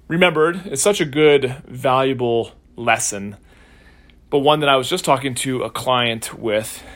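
A man hosting a casual solo podcast as a coach, telling a story in a relaxed, conversational way. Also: mid-range voice. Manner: conversational storytelling, acts out quoted voices.

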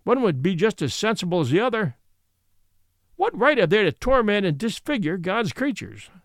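A man reading the part of a fiery yet gentle old male horse in a storybook, speaking indignantly and moralizing. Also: high voice, big pitch swings, normal speed, no echo, studio quality.

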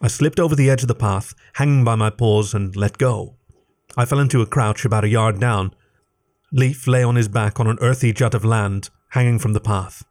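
A man narrating a first-person story in a steady, measured reading voice. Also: on the low side. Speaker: story reader.

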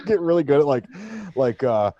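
Animated, swearing young man telling stories. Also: mid-range voice, normal speed, no room sound, dull audio. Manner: animated storyteller, swears often, mimics voices. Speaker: podcast co-host. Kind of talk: casual crude banter.

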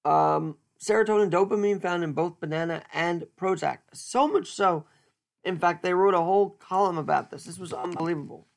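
A high-pitched male voice with vocal fry, moving at an ordinary pace. He's a podcast host rambling casually on his own, making jokes as he works through his thoughts and restarting his words a lot.

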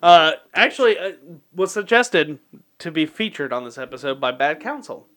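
Male podcast co-host, high bright voice, profane, laughs a lot. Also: sing-song, moderate pace. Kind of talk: casual podcast chat.

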